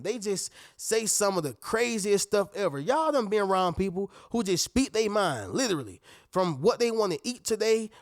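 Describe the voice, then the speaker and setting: A man giving a preachy motivational talk, animated and calling out to his listeners as family. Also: high-pitched, dry recording, studio quality. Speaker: motivational speaker.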